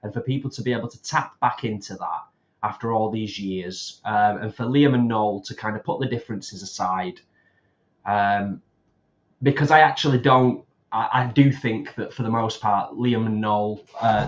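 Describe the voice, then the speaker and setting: A man co-hosting a casual livestream reads viewer comments aloud, chatting and laughing often along the way. His lowish voice has fairly even intonation and a moderate pace. The sound is lo-fi.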